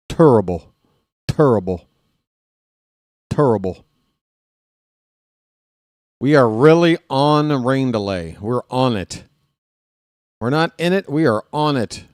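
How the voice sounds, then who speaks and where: A man's voice: mid-range voice, no echo, studio quality. A man hosting a live stream, chatting casually and trash-talking his opponent in a playful way.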